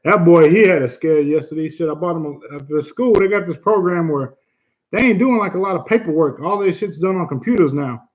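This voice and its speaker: A man's voice: fairly high pitch, a little fast, dull audio. A man hosting a casual livestream chat, earnest and blunt, who swears easily and repeats himself for emphasis. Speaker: livestream host.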